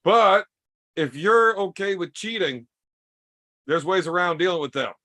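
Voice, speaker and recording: A man hosting a casual podcast, cutting in with quick, joking questions. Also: high-pitched, expressive, pushed and bright. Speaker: podcast host. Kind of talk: casual chat.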